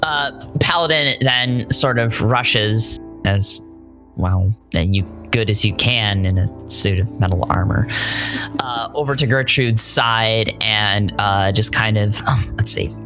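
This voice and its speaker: Very low-voiced woman narrating play. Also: music in the background. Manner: halting, filler-heavy narration. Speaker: player. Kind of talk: narrating her character's actions.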